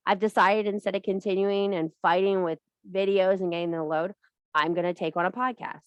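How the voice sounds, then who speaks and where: A woman's voice: medium pitch, fairly even intonation, brisk, clean tone, dry recording, highs cut off. A woman giving a casual spiritual pep talk about witchcraft, blunt and profane, hammering points home with repetition. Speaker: witchcraft teacher and live streamer.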